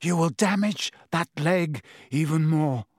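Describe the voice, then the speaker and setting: A man voicing a gaunt, menacing escaped prisoner with a hoarse, rusty voice, speaking slowly and quietly in an audiobook. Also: on the high side, no echo, clean studio sound. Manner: slow, quiet, grimly taunting. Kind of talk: audiobook character voice.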